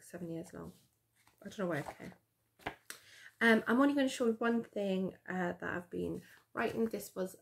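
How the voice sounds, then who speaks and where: A woman chats to her camera about her reading, rambling along with plenty of ums and restarts. Her mid-pitched voice has a steady gravelly fry running through it. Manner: chatty, rambling, with many fillers and restarts. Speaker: vlogger. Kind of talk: casual chat to camera. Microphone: camera mic.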